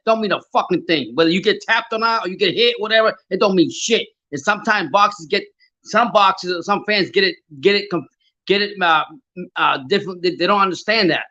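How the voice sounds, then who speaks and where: A man hosts a live fight reaction, swearing freely and stammering as he answers his chat. His voice sits high and bright, with a tense edge. The stream audio sounds dull and lo-fi. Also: a little fast. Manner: frustrated, profane, stammering, answers chat comments.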